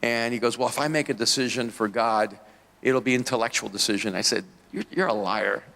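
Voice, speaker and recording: A man's voice: medium pitch, fairly even intonation, fairly quick, creaky, a bit bright, big-room sound. A man, a pastor, telling his life story as an interview guest, rambling with restarts and laughing at himself.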